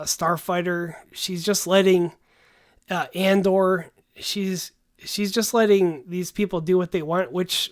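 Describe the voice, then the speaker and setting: A man hosting a livestream who talks in a casual, rambling way and calls people "dude". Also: high-pitched. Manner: laid-back, rambling, says "dude" often. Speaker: livestream host.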